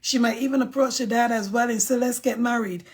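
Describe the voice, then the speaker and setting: A woman's voice: a little high, steady tone, a little fast, slightly rough. Outspoken woman hosting a live chat stream. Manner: emphatic, outspoken, repeats points for emphasis. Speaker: livestream host reading viewer comments. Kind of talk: casual live-stream commentary.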